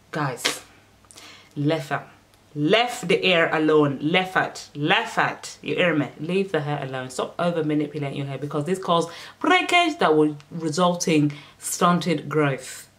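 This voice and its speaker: A woman with a Caribbean accent giving hair care tips in a casual vlog, sassy and playful with shouted exclamations. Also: deep voice, moderate pace.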